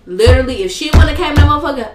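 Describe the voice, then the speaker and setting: A woman's voice: sits high, lively intonation, rapid-fire, loud music behind the voice. A young woman animatedly telling a story in casual chat, swearing a lot. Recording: echoey room, faint noise.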